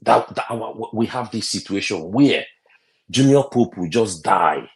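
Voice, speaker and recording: A man's voice: fairly low pitch, animated, measured pace, gravelly. A man with a Nigerian accent tells a personal story in an online audio chat room. He talks earnestly, repeats himself and asks rhetorical questions. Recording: online audio room over a phone mic.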